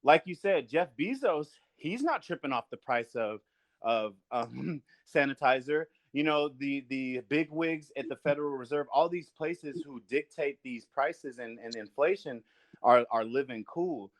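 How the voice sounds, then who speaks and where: A man's voice: medium pitch, animated, unhurried, no room sound. A man hosting a podcast in casual discussion, earnest and building his points through repetition. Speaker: podcast host.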